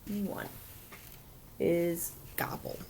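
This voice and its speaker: A woman's voice: lowish voice, level tone, extremely slow, heavy background noise. A woman teacher walking students through a phonics lesson step by step, patiently checking in with them as she goes. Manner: patient, explains step by step, often asks "right?". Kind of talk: recorded phonics lesson for children.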